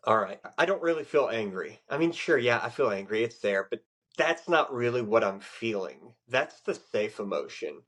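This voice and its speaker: A middle-aged man, a Navy chief, speaking as a guest in a casual podcast interview, explaining ideas in an earnest, expressive way. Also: mid-range voice, normal speed.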